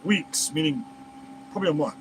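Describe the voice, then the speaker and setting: A man's voice: a little high, expressive, normal speed, background noise. A man reads news aloud and breaks off into heated, profane, incredulous rants as a commentary host. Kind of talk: reading news aloud and ranting over it.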